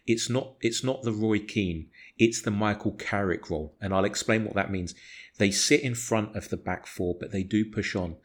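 A man's voice: fairly low pitch, normal speed. A man co-hosting a football podcast, talking with passion, arguing his point hard and swearing freely. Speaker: podcast co-host. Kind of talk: casual football podcast chat.

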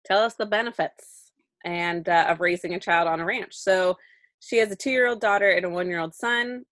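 A woman's voice: on the low side, normal speed, a bit bright. A young woman co-hosting a podcast, chatty and playful, giggling between remarks. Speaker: podcast co-host. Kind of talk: casual chat.

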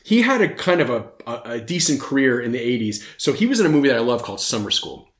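A man's voice: mid-range voice, sing-song, quick pace, echoey room. A man hosting a podcast in casual chat, rambling and jokey, who swears and laughs often. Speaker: podcast host.

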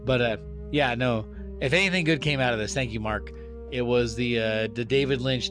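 Outspoken male podcast co-host, mid-pitched, clear music bed behind. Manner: animated, blunt, jumps up in pitch when worked up. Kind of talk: casual chat.

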